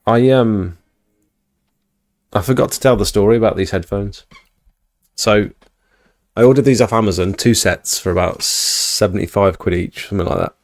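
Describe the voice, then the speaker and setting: A man's voice: lowish voice, moderate pace, long pauses. A man, hosting a livestream and telling a rambling, chatty story to his viewers at home. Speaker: livestream host. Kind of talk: casual storytelling to a live chat. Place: indoors at home.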